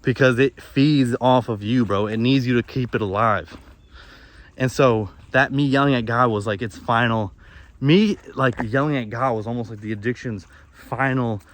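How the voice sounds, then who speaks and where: In a wooded outdoor setting, a young male vlogger delivers a rambling, candid, swear-heavy confession, repeatedly restarting sentences. He speaks at a moderate pace in a mid-range voice.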